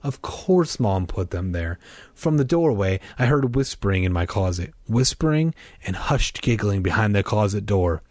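A man reading a children's horror book aloud, expressive, with casual asides. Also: on the low side, normal speed, no echo, clean studio sound. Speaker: reader.

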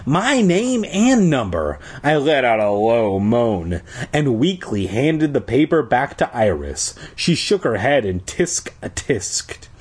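Man, husky voice, lively storybook reading, irreverent crude asides. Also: mid-range voice, slow pace. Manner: irreverent, joking. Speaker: reader.

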